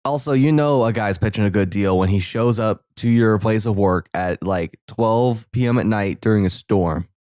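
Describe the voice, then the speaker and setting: A man from the Southern United States hosting a solo movie commentary podcast, reacting excitably with sudden high exclamations. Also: normal speed, few pauses, no room sound, studio quality. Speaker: podcast host.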